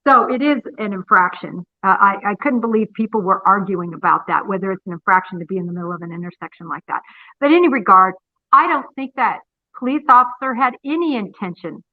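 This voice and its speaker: A woman guest breaks down a clip in an emphatic, analytical way, retelling what was said. Her voice is of middling pitch. It comes through a thin, phone-like remote line with a dry sound. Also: fast talker, no room sound. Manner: analytical, emphatic, retells exchanges with mimicked quotes. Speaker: guest commentator. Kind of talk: conversational interview analysis.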